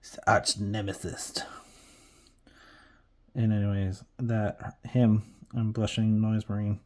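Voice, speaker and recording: A man's voice: lowish voice, little pitch movement, slow pace, pauses often, a little mellow. A man chatting casually and rambling as he paints miniatures at his hobby desk, trailing off and restarting often.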